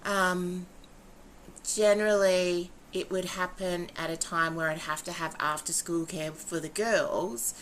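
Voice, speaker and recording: A woman with a fairly low, slightly slow voice, with a little hiss or hum in the recording. She's a podcast co-host and facilitator chatting casually, telling animated stories in which she acts out quotes and laughs.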